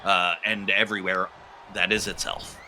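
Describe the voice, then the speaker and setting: A man doing play-by-play commentary on an improvised comedy wrestling show, deadpan and rambling and full of "uh"s. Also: low-pitched, normal speed. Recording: noisy background.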